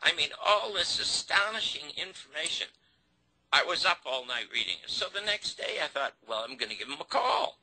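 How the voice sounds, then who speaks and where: A man's voice: on the high side, expressive, normal speed, pushed and bright, slightly rough, poor audio. An older man, a guest on an interview show, telling a story and acting out the dialogue.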